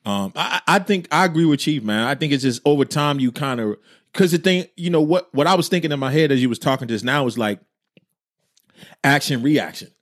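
A man co-hosting a casual talk show, speaking in a relaxed, thoughtful way and reading out listener comments. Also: a little high, fairly quick, no room sound, clean studio sound. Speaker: podcast co-host. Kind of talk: casual chat.

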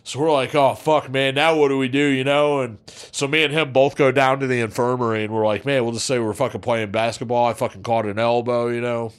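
A man spins a crude, lively tale for his podcast co-hosts, dropping curses into nearly every phrase. His voice sits in a middle register and gets animated at the high points. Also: brisk, few pauses, clean tone. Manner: profane, animated, swears constantly. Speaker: podcast co-host. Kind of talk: casual storytelling.

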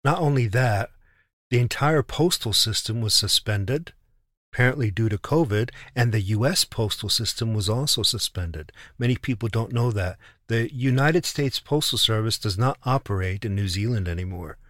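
A man's voice: lowish voice, normal speed, a bit bright, no room sound, clean studio sound. A man telling a travel story in casual chat, indignant, often repeating and restarting words.

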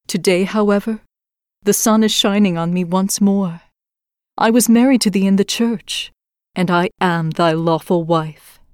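A woman voicing a humble young maiden in a storybook reading, speaking in a plain, calm, earnest way. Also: mid-range voice, measured pace, smooth, no echo, clean studio sound, natural voice.

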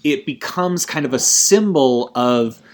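A man's voice: mid-range voice, animated, unhurried, darkish tone. A young man in a casual movie rant, rambling and profane, constantly cutting himself off mid-sentence. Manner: rambling and profane, frequent self-interruptions.

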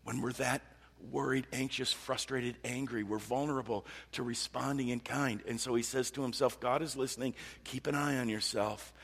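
Gravelly husky preacher in a reverberant hall. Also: male voice, mid-range voice, steady tone, normal speed. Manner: earnest, repetitive, stumbling restarts, drops to soft voice. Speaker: pastor. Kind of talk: sermon.

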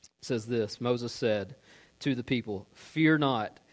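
A male pastor preaching a sermon, reading scripture and acting out the grumbling crowd in a casual, animated way. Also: mid-range voice, unhurried.

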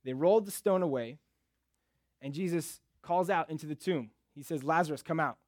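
A man's voice: a little high, moderate pace, dark tone, no echo, clean studio sound. Chatty man giving a casual sermon. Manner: chatty, joking, conversational. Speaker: preacher.

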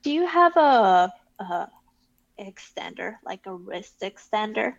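A woman's voice: mid-range voice, very animated, slow pace, gravelly, no room sound. A woman playing a tabletop game in character, rambling with many fillers. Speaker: player. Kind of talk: casual tabletop role-play. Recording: dull, dry lo-fi mic.

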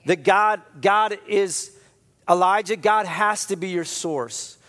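A man preaching a sermon as a pastor, telling stories in an animated way and acting out the lines of the people in them. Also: high voice, slow. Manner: animated storytelling, acts out quotes with comic voices. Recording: long reverb of a large hall.

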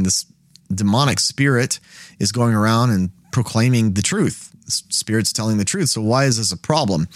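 A man's voice: medium pitch, dry recording, clean studio sound. A man hosting a Bible study, explaining scripture in a casual, conversational way and thinking aloud as he goes.

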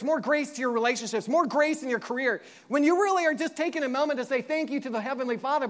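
In his sermon, a male preacher acts out the quotes in his stories vividly, his pitch leaping up and down. He slows down and softens his voice during the emotional passages.

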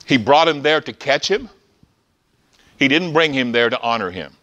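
Excitable bright-voiced male preacher. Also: medium pitch, moderate pace, lo-fi sound. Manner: excitable, stumbling restarts, acts out scenes. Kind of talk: sermon.

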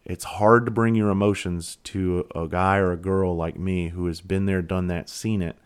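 A man hosting a podcast, talking candidly and reflectively, blunt and quick to swear. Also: sits low, steady tone, smooth. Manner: reflective, halting. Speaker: podcast host. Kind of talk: casual solo podcast monologue.

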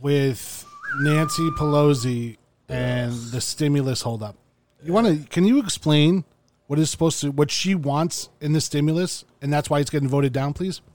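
A man's voice: fairly high pitch, normal speed, darkish tone, no room sound. A man hosting a podcast in a rambling, joking, stoned way. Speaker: podcast host. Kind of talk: casual chat.

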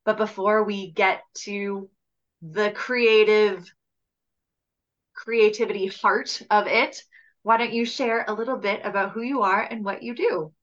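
A woman's voice: medium pitch, steady tone, unhurried, dull audio. A woman hosting a podcast, welcoming her guest and asking questions with upbeat enthusiasm. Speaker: podcast host. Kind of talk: interview hosting.

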